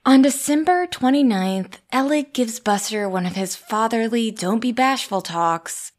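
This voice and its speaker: A woman hosting a podcast, narrating a script in a measured way and posing questions. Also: medium pitch. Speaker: podcast host.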